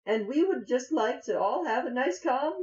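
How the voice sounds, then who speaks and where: A man voicing a nervous female halfling, high and pleading. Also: animated, normal speed, roomy sound, recorded from a distance, lo-fi sound. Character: nervous female halfling bard-band member.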